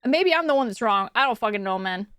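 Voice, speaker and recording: A young woman from Quebec, Canada, chats on a live stream in a high, lively voice. She rambles with fillers and swears casually. The mic is close and the sound is dry. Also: fast, clean tone, no room sound. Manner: animated, swearing, many fillers.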